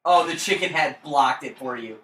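A man co-hosting a casual gaming podcast, teasing his friend, swearing often and breaking into loud laughter. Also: on the high side, normal speed. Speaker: podcast co-host. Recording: echoey room, faint noise.

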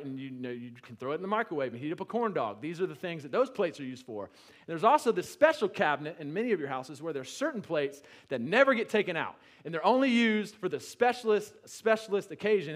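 Male pastor, slightly high voice, preaching conversationally, swells to emphatic peaks, then drops low. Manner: conversational with restarts and asides. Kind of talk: sermon.

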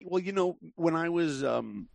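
Deep, gravelly-voiced man telling stories. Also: a little slow, dry recording. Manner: lively storyteller who acts out voices. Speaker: podcast guest, animation director. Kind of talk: casual interview storytelling.

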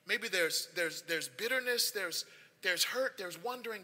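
High, bright-voiced male pastor preaching. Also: expressive, a little slow. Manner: conversational preaching, rising to emphatic repeats. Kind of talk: sermon. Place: church sanctuary. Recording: long hall reverb.

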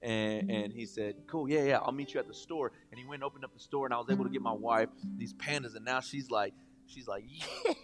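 A man's voice: medium pitch, quick pace, few pauses, over music. A man in his thirties preaching a casual, jokey sermon with lots of restarts and asides. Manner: chatty, animated, jokey, many restarts. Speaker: pastor. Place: church hall with long reverb. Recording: church hall reverb.

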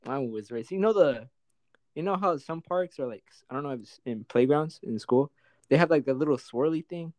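A young man telling a childhood story in quick, casual, profane slang full of fillers. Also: a little high, darkish tone, dry recording.

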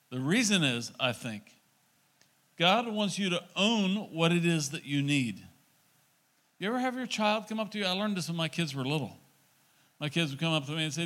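Middle-aged man, pastor, conversational sermon, slightly higher voice, acts out dialogues. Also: animated, moderate pace, fairly bright tone. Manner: conversational, acting out little dialogues.

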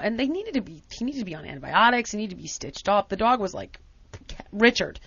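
A woman's voice: mid-range voice, fairly quick, slightly rough, no room sound, lo-fi sound. A woman casually chatting on a talk show, telling a story dramatically and acting out what people said. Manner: animated, dramatic retelling with acted-out quotes.

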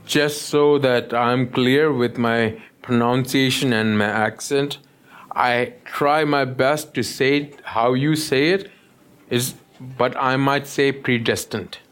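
A pastor preaching a sermon, often stopping to check that the listeners follow him. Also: male voice, mid-range voice, fairly even intonation, takes it slowly, fairly bright tone, smooth. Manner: keeps checking in with the listeners, asking "yes?".

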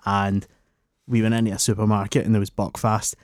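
A man's voice: on the low side, flat delivery, a little fast, darkish tone, no echo, clean studio sound. A Scottish man co-hosting a podcast, telling wry, self-deprecating stories with plenty of swearing. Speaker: podcast co-host. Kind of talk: casual chat.

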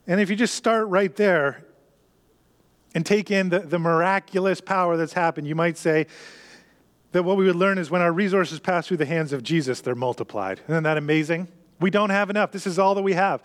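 A man preaching a sermon, explaining scripture in an earnest, emphatic way and repeating key phrases. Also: high-pitched. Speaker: pastor.

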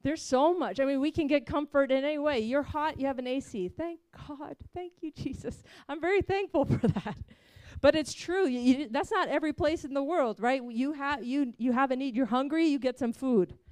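A woman's voice: sits high, fairly quick, few pauses, a little mellow, no room sound. A woman preaching as she tells a personal mission testimony, earnest and heartfelt.

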